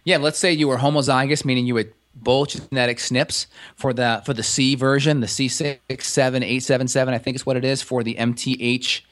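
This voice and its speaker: A man's voice: mid-range voice, fairly even intonation, a little fast, few pauses, a bit bright. A man co-hosting a casual health podcast, explaining clinical details in an easygoing, explanatory way with frequent restarts. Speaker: functional medicine practitioner co-host.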